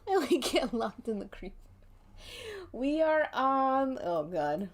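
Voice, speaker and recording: A woman's voice: sits high, big pitch swings. A woman streamer narrating a tabletop game as game master, giggly and playful. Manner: giggly, playful, slow-paced.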